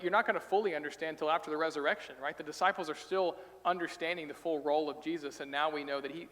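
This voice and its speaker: A man's voice: a little high, fairly bright tone, big-room sound. A man preaching a sermon in a casual, storytelling way, acting out quoted voices as he retells the passage. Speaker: pastor. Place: church sanctuary.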